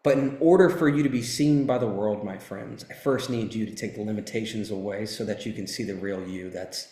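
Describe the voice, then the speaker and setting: A man's voice: lowish voice, brisk, warm tone, reverberant. A man in his thirties giving an intense, emphatic motivational talk, telling a personal story and swearing freely. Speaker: motivational speaker.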